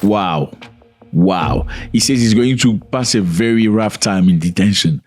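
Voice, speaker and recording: A man's voice: on the low side, unhurried, no echo, clean studio sound. A man giving casual video commentary, speaking conversationally and often putting questions to the viewer.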